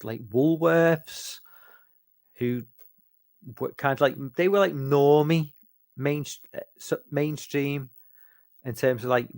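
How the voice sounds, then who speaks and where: A man's voice: medium pitch, no echo, clean studio sound. A middle-aged British man chatting loosely and sweary in a late-night Q&A stream, tired and rambling with many restarts. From United Kingdom. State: tired, fighting sleep. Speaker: live streamer. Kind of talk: late-night casual Q&A chat.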